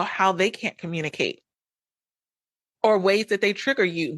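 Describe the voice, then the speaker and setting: A woman with a fairly low voice hosts a relationship-advice podcast and speaks straight to the listener. She is frank and conversational and repeats her points for emphasis. The recording is close and dry, with no room sound. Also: a bit bright, no room sound. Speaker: podcast host and coach. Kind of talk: casual advice monologue.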